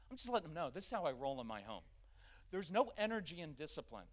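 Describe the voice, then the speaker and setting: A middle-aged man giving a live workshop talk in a church, energetic and conversational. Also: fairly high pitch. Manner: energetic and conversational, acting out quick family scenes. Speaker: parenting workshop speaker. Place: church gathering with a live audience.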